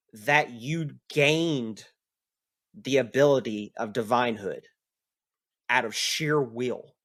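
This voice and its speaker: A man narrating as the game master of a tabletop role-playing game, speaking in a slow, measured way. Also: mid-range voice.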